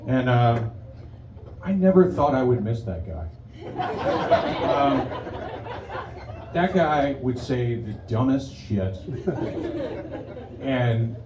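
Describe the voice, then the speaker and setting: A man's voice: mid-range voice, animated, drawn-out words, pauses often. A man in his forties doing a stand-up set in a bar, rambling and profane, full of ums and restarts. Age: 40s. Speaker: stand-up comic. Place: bar comedy stage. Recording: echoey live bar, distant mic, crowd noise. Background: crowd, ambience.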